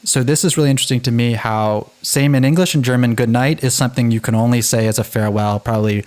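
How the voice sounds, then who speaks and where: A man co-hosting a casual podcast, animated and often restarting his sentences. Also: medium pitch, fast talker. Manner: animated, self-interrupting. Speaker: podcast co-host. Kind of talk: casual chat.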